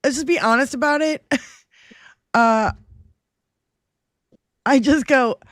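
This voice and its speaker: A woman's voice: high-pitched, takes it slowly, no echo, studio quality. A woman co-hosting a casual political livestream, swearing heavily as she rants and often breaking into laughter. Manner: profane, ranting, laughs often. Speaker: livestream co-host.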